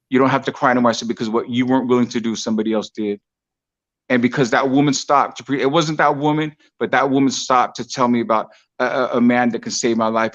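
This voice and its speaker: A man tells his testimony in a rapid, earnest preacher's cadence, repeating lines for weight. The recording sounds dull and lo-fi. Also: medium pitch. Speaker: street preacher guest. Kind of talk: testimony storytelling.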